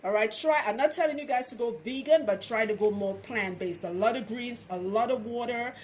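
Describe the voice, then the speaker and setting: A woman's voice: a little high, brisk, a little hiss or hum. A woman from Trinidad, a loctician, giving frank, chatty hair-care advice in a casual how-to vlog. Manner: chatty, frank, laughs often.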